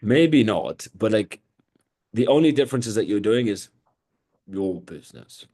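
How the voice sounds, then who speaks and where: A man's voice: fairly low pitch, animated, moderate pace, warm tone. A man coaching trainees in sales, blunt and mocking as he gives orders. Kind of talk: live sales coaching session.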